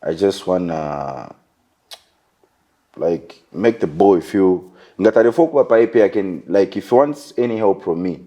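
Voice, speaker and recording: A man's voice: sits low, unhurried, lo-fi sound. A Zambian man, a musician guest, chatting loosely in an interview, switching between English and Bemba with lots of "you know". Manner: relaxed, loose phrasing with frequent "you know" and "like". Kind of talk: casual interview chat mixing English and Bemba.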